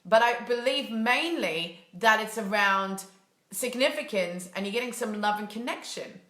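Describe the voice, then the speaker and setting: A woman's voice: medium pitch, lively intonation, measured pace, fairly bright tone, roomy sound. A woman mindset coach giving a casual, emphatic motivational talk and acting out complaining voices. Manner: casual, emphatic, acts out whiny quotes.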